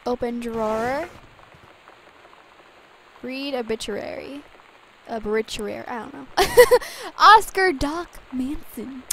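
Young woman, high voice, giggly let's play chatter, faint rain noise. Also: animated, slow pace, pauses often, a bit bright, poor audio. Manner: giggly, chatty, reads game text aloud. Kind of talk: casual gameplay commentary.

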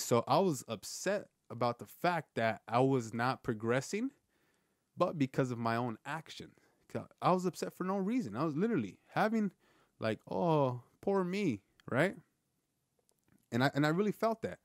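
An earnest man talks through his thoughts on a podcast, rambling and restarting, often tossing in "right?". His voice sits at an ordinary pitch for a man. The sound is very dry, with no room echo. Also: lively intonation, moderate pace. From Southern California. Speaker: podcast host. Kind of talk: casual reflective monologue.

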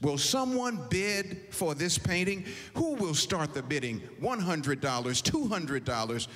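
Insistent male auctioneer, put on by a preacher, slow and lively, husky, long reverb. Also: fairly high pitch, voice pushed up. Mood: pressing.

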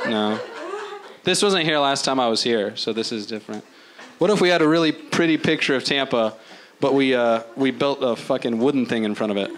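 A man's voice: mid-range voice, animated, measured pace. A man doing an improvised stand-up set on a club stage, loose and rambling, swearing a lot and mocking himself. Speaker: stand-up comedian. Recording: noisy live club recording. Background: audience laughter.

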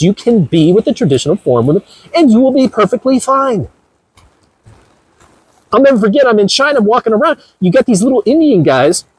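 A man's voice: high voice, husky, no room sound, rough recording. A man giving an emphatic, lecturing monologue to his viewers, recorded outdoors by the beach. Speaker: vlogger giving dating advice. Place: outdoors by the beach in heavy rain.

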